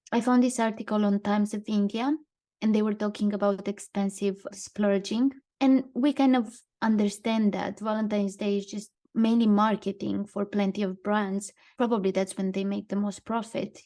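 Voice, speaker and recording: Woman co-hosting a chill podcast, thoughtful, reads bits from her notes, middle pitch. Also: warm tone. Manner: thoughtful, reads out quotes and card lines. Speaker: podcast co-host. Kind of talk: casual podcast chat, partly read from notes.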